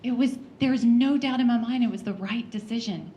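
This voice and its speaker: A congresswoman giving a heartfelt personal speech at a breakfast event, earnest and storytelling, with soft laughs and frequent ums. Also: on the high side, a little fast, slight background noise.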